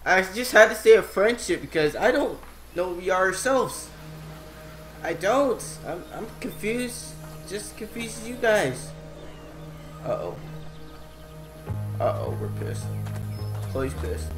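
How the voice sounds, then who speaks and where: A man commenting over gameplay, excitable and reacting with lots of exclamations. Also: high voice, slow pace, pauses often, echoey room. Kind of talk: let's play commentary. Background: game music.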